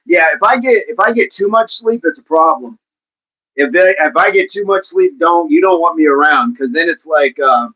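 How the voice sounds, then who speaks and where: A man's voice: fairly high pitch, pushed and bright, poor audio. A man hosting a casual livestream, reading out viewers' comments and chatting back to them in a playful way. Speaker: livestream host reading chat.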